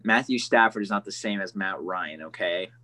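A man's voice: deep voice, moderate pace, bright, forceful tone. Joking man chatting sports. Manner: joking, rambling, laughs often. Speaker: sports podcast co-host. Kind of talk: casual sports banter.

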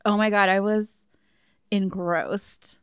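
Woman co-host, casual and chatty, smooth clear voice, swears and laughs a lot, dry close mic. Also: mid-range voice, fairly even intonation, slow, dry recording. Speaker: podcast co-host. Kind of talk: casual chat.

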